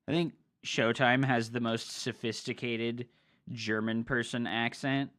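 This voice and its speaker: A male streamer casting a match in a loose, profane, excitable style. His voice is bright and forceful, with a tense edge that cuts through the chatter. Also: medium pitch, measured pace. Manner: swears a lot, loose and excitable. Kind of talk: casual game commentary.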